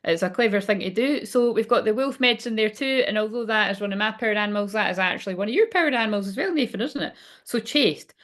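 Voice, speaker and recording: A woman leads a relaxed live card reading. She sounds cheerful and talkative, and she speaks directly to the people watching. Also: medium pitch, fast talker. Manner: chipper and chatty, talking straight to viewers. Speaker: spiritual card reader.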